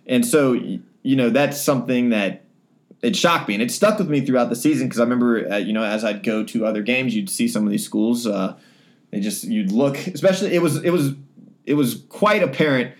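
A man's voice: medium pitch, fairly quick. A young man co-hosting a casual sports podcast, rambling with many fillers and restarts. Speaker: sports reporter and podcast co-host.

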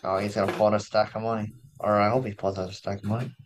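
A young man in casual podcast chat who teases his friends and keeps prodding them with questions. He sounds relaxed and joking. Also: lowish voice, racing, noisy background. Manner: teasing, questioning and laughing along. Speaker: podcast co-host.

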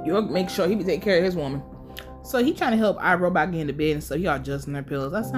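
Woman with a lowish voice doing a loud swear-heavy show recap, jumps into character voices, faint music behind. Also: fairly quick. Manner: animated, laughing, acts out quoted characters. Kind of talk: casual profane episode recap.

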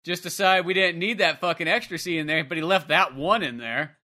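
A man's voice: fairly high pitch, brisk, pushed and bright. A young man co-hosting a podcast, chatting casually with a loose, profane way of talking. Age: young adult. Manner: loose and profane, lots of fillers. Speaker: podcast co-host. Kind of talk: casual chat.

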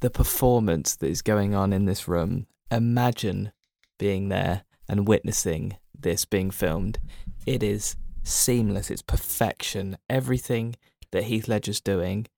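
A man's voice: lowish voice, fairly even intonation, measured pace, creaky, hardly any pauses, mellow, no room sound, studio quality. A man in a casual film chat, giving emphatic, admiring praise.

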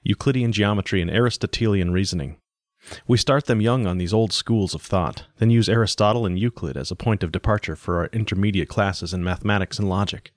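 An earnest male school doctor pleads, urgent and exasperated, in a storybook reading, as a man puts him on. The voice is very low and close, with a dry sound. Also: a little fast, no echo, close to an everyday voice.

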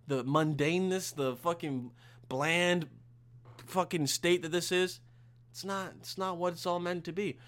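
A young man hosting his own podcast, ranting casually to the camera in a profane, rambling way with loud bursts of exasperation. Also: high voice. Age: young adult. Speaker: podcast host.

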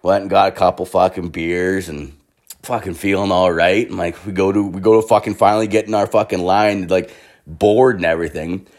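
A young man telling a long comic story in a profane, rambling, animated way. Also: deep voice, a little fast.

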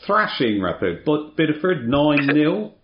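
Chatty radio host in a roomy studio. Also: male voice, fairly high pitch, unhurried, a little hiss or hum. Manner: chatty, relaxed, many filler ums and uhs. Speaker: radio sports show host. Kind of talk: casual local radio sports chat. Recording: roomy, slightly dull radio studio sound.

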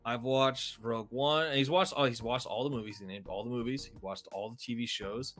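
A man's voice: mid-range voice, a little fast, faint music behind. A man co-hosting a casual podcast, telling easygoing stories with ums and uhs. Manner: relaxed storytelling with fillers. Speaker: podcast co-host. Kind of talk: casual chat.

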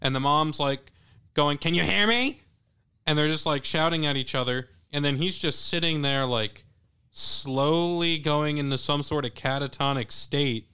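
A man co-hosting a casual film chat, curious and animated as he tells what he noticed. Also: fairly high pitch, normal speed, clean tone. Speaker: podcast co-host.

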